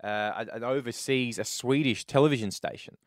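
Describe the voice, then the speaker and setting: A man's voice: mid-range voice, brisk, dry recording. A man hosting a breakfast radio show in a chatty, conversational way, recorded close on a studio microphone. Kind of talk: casual radio chat.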